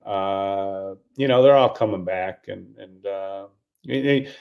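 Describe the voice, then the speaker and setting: A man's voice: low-pitched, takes it slowly, creaky, dull audio. An older man, a golf coach, ranting in incredulous exasperation, restarting and repeating himself with sarcastic laughs. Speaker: golf coach giving commentary. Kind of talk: animated opinion rant.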